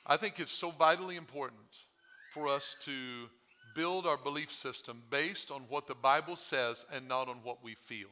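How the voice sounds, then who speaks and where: A man's voice: mid-range voice, moderate pace, pushed and bright. A male pastor preaching a sermon, his voice strained from overuse, talking with the congregation and asking them questions. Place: church sanctuary.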